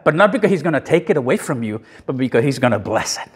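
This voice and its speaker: A man preaching a sermon in a church, conversational and emphatic, with self-deprecating asides and pauses for the congregation's amens. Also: medium pitch, sing-song, husky. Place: church sanctuary.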